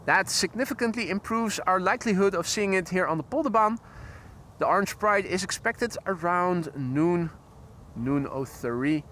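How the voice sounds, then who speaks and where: Outdoors beside an airport runway, a Dutch man hosts a live plane-spotting stream, chatting precisely about arriving flights, correcting his own wording and greeting the chat. His voice is high and sharp-toned at normal speed, with a little hiss or hum.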